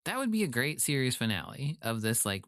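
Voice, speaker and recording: A man's voice: mid-range voice, very animated, a little fast, a bit bright, no echo, clean studio sound. A man co-hosting a casual chat podcast, wry and laughing, who mimics characters in quotes. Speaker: podcast co-host.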